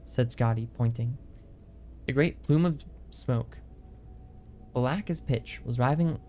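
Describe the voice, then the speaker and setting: A man's voice: medium pitch, normal speed, dark tone, a little hiss or hum. A man streaming a game and reading an in-game book aloud, with small slips, corrections and muttered asides.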